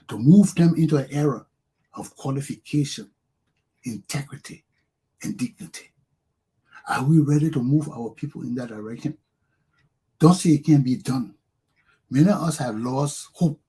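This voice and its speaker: A Liberian man with a Liberian English accent, hosting a talk show as an impassioned monologue that swings from low intensity to loud urging. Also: slightly rough. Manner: preachy and fiery, swings from low intensity to shouting.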